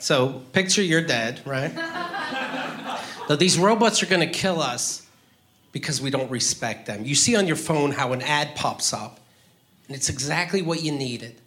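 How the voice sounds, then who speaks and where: A man doing a stand-up comedy routine, ranting profanely with sudden loud outbursts. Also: a little high, very animated, unhurried, a little hiss or hum.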